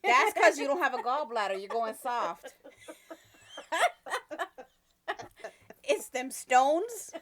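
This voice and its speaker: A woman's voice: high voice, big pitch swings, slow, pauses often, a bit bright, a little hiss or hum. A woman in her thirties co-hosting a podcast, trading teasing jokes in casual chat. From Springfield, Massachusetts. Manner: teasing, joking banter. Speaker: podcast co-host.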